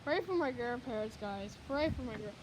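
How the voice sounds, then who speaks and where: Holding her phone in a windstorm, a woman offers excited, breathless live commentary full of exclamations, moving from outside a house to a garage. Her voice is on the high side, animated, at normal speed, and the poor audio carries a little hiss or hum.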